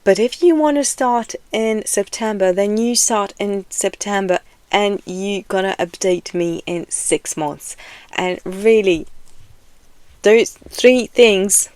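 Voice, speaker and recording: Woman vlogger, unhurried delivery, dry close sound, frank and rambling, lots of fillers. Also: medium pitch, darkish tone, dry recording. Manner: frank, rambling, heavy with fillers like "you know"; laughs often between phrases. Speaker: video essay vlogger. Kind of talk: casual direct-to-camera talk.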